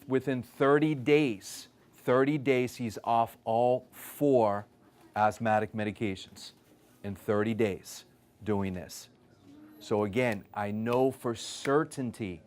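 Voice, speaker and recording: A man presenting at a wellness event, telling his stories with lively energy. His voice sits in a mid register, and he keeps checking in with the audience through a steady stream of "okay?". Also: medium pitch, smooth. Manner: animated storyteller, frequent "okay?" check-ins. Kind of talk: live talk with stories.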